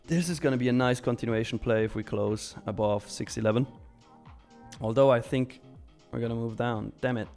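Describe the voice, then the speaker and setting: A man's voice: medium pitch, normal speed, gravelly, a little mellow, faint music behind. Man hosting a casual stream. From Switzerland. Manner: reads viewer chat aloud and answers. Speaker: live-stream trading host. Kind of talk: casual live-stream chat.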